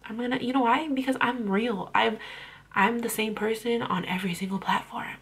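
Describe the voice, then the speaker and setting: Husky young mom vlogger ranting, blunt and sweary, fired up. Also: female voice, mid-range voice, fairly even intonation, brisk, a bit bright. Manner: blunt, profane, heated. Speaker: parenting vlogger. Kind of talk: blunt vlog rant.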